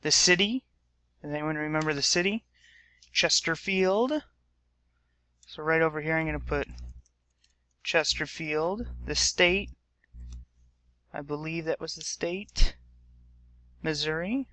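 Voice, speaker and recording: A male high school teacher recording a computer lesson for his class while a substitute covers, upbeat and often checking in with "okay?". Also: slow, pauses often, pushed and bright.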